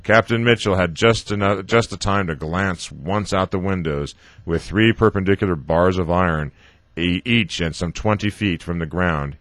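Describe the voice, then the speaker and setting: A man reading a novel aloud, haltingly, often stumbling over words and correcting himself. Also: low-pitched, fairly bright tone, dry recording. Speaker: reader.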